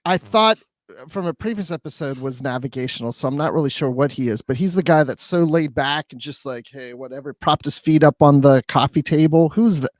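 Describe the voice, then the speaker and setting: A man's voice: a little high, brisk, dry recording, studio quality. A man co-hosting a casual chat, talking animatedly and laughing easily. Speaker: co-host.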